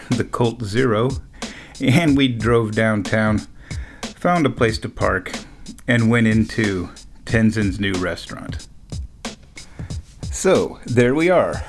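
A man telling a personal story in a relaxed way, chuckling often between lines. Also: medium pitch, gravelly. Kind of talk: storytelling anecdote.

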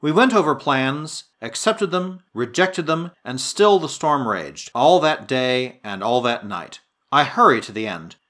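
A man narrating a story aloud, his voice bright and ringing. His pitch rises and falls widely, with dramatic swells through tense passages. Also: measured pace. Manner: lively, expressive reading with dramatic swells. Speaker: audiobook narrator. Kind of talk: scripted narration.

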